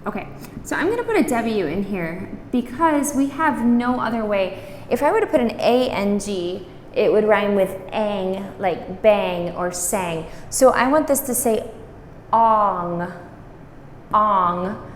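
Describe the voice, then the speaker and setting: A woman gives a language lesson at an unhurried pace, repeating each word patiently for her learners. Her voice carries a long, roomy reverb, as if recorded from some distance in a classroom, with faint room noise behind her. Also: medium pitch, expressive, a little mellow. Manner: patient, repeats words slowly for practice. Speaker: language teacher. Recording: roomy echo, distant mic.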